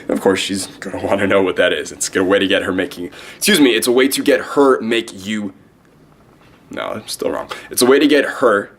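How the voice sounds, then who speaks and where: This young man's voice sits lowish with a fairly bright tone. He's a dating coach in a direct-to-camera vlog, fast-talking, profane and full of swagger as he hands out advice and talks himself up.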